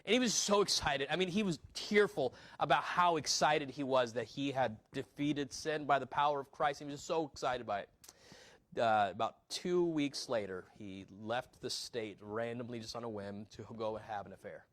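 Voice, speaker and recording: A young adult man, a pastor preaching a sermon in a church, earnest, often restarting words and acting out quick asides. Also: medium pitch, a bit bright. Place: church sanctuary.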